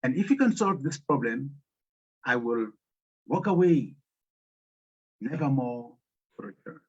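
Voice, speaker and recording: A man voicing a lion in a spoken folk tale, delivering threats in a flat, matter-of-fact way. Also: medium pitch, unhurried, slightly rough. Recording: muffled lo-fi audio.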